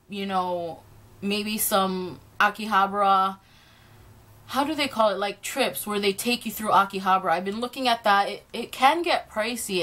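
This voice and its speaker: Young woman vlogger rambling thru fan q&a, bright sharp voice, laughs at herself a lot. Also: medium pitch. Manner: chatty, self-deprecating, laughs often. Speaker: YouTuber answering fan questions. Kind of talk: casual Q&A vlog.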